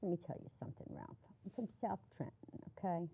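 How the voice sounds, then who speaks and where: A woman playing a brash, combative welfare mother in her thirties with a New Jersey accent and a raspy voice. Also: lowish voice, fast talker, lo-fi sound, a little hiss or hum. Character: brash tough-talking welfare mom, 30s. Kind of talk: comedy sketch acting.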